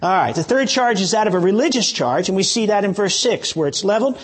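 A man's voice: high voice, expressive, fast talker, slight background noise. A male pastor preaching a sermon, teaching through a Bible passage with emphatic asides and frequent restarts.

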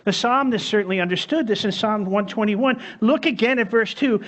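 A man's voice: high-pitched, lively intonation, moderate pace, a bit bright, lo-fi sound. A man preaching a sermon as pastor, emphatic, repeating key phrases and telling stories.

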